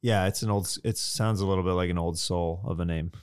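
Comedian guy on a podcast, low smooth voice, dry close mic, easygoing and laughs a lot. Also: fairly even intonation, fast, dry recording. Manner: laid-back, easygoing, laughs often. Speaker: comedian guest. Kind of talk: casual podcast chat.

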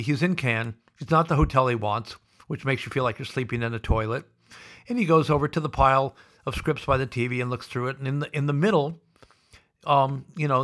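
Man telling a lively showbiz story. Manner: acts out the people he quotes with lively pitch jumps. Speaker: podcast host. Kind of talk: animated anecdote storytelling.

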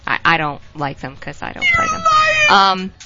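A woman's voice: fairly low pitch, wildly swooping pitch, moderate pace, heavy background noise. A woman co-hosting a casual podcast, reading listener emails aloud and stumbling over names with a laugh. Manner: laughing, self-interrupting while tending a child. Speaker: podcast co-host. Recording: dull lo-fi podcast audio.

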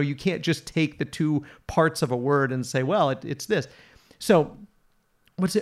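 Earnest man teaching, slightly high voice. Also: gravelly. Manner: earnest, teacherly, repeats words as he thinks. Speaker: podcast host and Bible teacher. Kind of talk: casual Bible study talk.

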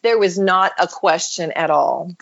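A woman's voice: on the low side, unhurried, vocal fry, muffled recording. A woman guest telling an emotional personal story, acting out the voices of the people in it. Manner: vivid storyteller, acts out quoted voices. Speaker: podcast guest.

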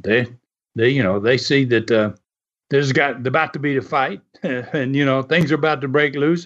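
A man's voice: medium pitch, a bit bright. A man telling wrestling stories in a casual, rambling way, full of fillers and chuckles. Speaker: wrestling history storyteller. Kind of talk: casual storytelling. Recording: dull lo-fi sound.

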